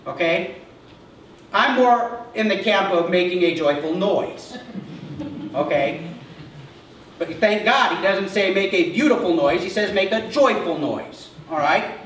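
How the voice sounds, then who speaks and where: A male pastor with a high, fairly bright voice delivers a sermon in a conversational style, often checking in with a short "okay?". He's animated but a little slow, heard from a distance in an echoey church sanctuary with faint noise.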